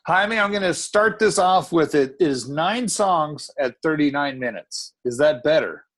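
Excited fast-talking man. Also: a little high. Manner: enthusiastic, animated, talks fast. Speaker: podcast co-host. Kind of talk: casual chat about music.

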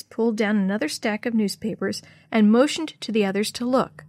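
A woman narrating a children's chapter book aloud, telling it in a clear, expressive way. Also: medium pitch, fairly quick, few pauses, no echo, studio quality.

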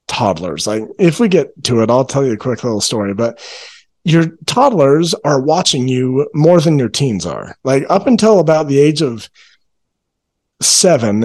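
A man with a voice of ordinary middle pitch, talking as a parenting coach in a relaxed podcast chat. He explains ideas earnestly and slows down to stress his key points.

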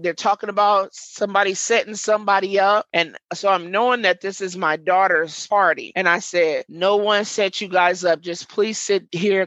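A woman's voice: lowish voice, fairly bright tone, no echo, dull audio. A middle-aged woman telling her story in an interview, reliving events vividly and quoting what everyone said. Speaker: interviewee, mother and community worker. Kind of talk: emotional first-person testimony.

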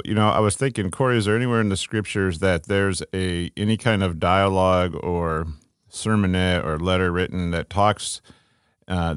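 A man co-hosting a casual faith podcast, thinking aloud with relaxed fillers and restarts. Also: low-pitched, clear, resonant tone, dry recording, clean studio sound. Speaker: podcast co-host.

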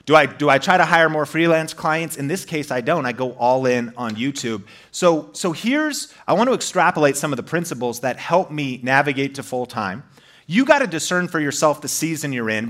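A man telling his own story to an audience in an animated, emphatic way, full of fillers and restarts. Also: medium pitch, fairly quick.

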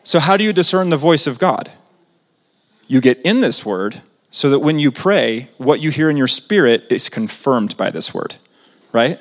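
A man preaching a sermon as pastor, conversational and animated, asking the congregation questions and swinging between loud and soft. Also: medium pitch, normal speed, in a large hall.

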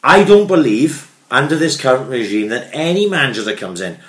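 A man's voice: mid-range voice, very animated, fairly quick, a bit bright. Male host, blunt profane football chat, roomy echo on the voice. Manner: blunt, sweary, signs off the show. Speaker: podcast host. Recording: echoey room.

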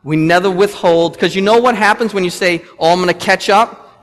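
A man in his thirties preaching a sermon in a church, animated, rising and falling with emphasis and asking the congregation questions. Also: high-pitched, moderate pace, hardly any pauses, big-room sound. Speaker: pastor. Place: church sanctuary.

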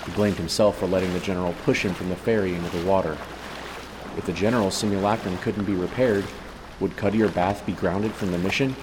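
A man narrates a story in a steady, even manner, with a very low voice. A long reverb trails after his words, and faint hiss runs underneath. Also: fast talker. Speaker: audiobook narrator. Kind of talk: scripted narration.

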